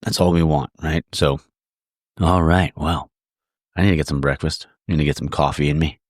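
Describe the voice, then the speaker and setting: A man hosting a podcast, chatting casually and rambling, his voice hoarse from singing the night before. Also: rumbling low, steady tone, moderate pace, dry recording, clean studio sound. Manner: rambling, laid-back, swears. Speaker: podcast host. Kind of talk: casual chat. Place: home studio.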